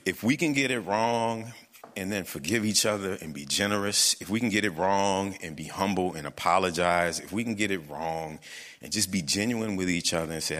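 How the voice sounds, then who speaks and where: Earnest man with a bright, forceful voice. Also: low voice, in a large hall. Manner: earnest, reflective, halting with restarts. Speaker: storyteller. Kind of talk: personal storytelling on stage.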